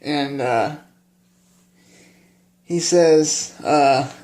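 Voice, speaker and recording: Halting, higher-pitched man vlogging. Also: darkish tone. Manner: halting, with many filler pauses. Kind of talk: casual talk about a favorite film.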